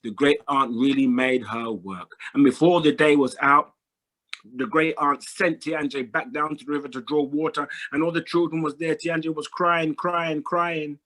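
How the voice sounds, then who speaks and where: Male oral storyteller; slightly high, rhythmic, dramatic repetition. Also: steady tone, moderate pace, a bit bright. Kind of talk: oral folk-tale telling to an audience.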